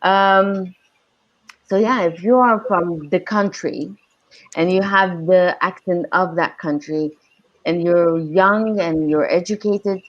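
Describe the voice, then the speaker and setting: A woman's voice: lowish voice, no room sound. A woman on a podcast panel giving her opinions in a direct, outspoken way. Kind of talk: casual panel discussion. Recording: dry, dull-sounding mic.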